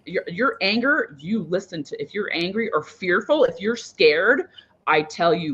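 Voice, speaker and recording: A woman guest healer talking casually about emotions in an animated way, laughing between points and swinging between soft and loud. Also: lowish voice, a little slow, breathy edge. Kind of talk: casual spiritual talk. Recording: dull lo-fi sound.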